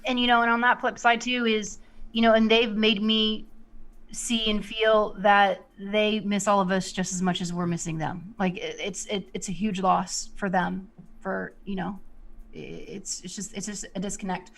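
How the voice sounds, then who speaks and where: A woman's voice: mid-range voice, flat delivery, moderate pace, vocal fry, a bit bright. Rambling woman medium in casual talk. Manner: rambling, heavy use of "you know". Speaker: guest psychic medium.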